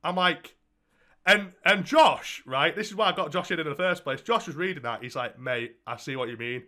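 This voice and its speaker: A man's voice: a little high, moderate pace, bright, forceful tone. A young man co-hosting a podcast, telling a story in casual chat and swearing heavily. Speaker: podcast co-host.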